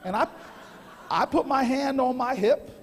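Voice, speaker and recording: A man giving a keynote at a banquet, telling a humorous story with animated delivery and frequent restarts. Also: very high voice, unhurried, slight background noise. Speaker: keynote speaker. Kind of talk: storytelling speech. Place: large banquet hall. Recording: echoey hall, heavy reverb.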